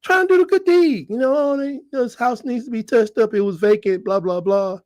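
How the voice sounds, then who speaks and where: A middle-aged man hosting a casual sports livestream. He jokes and reads out chat comments, and his voice breaks into high squeals. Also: a little fast, darkish tone, dry recording, studio quality.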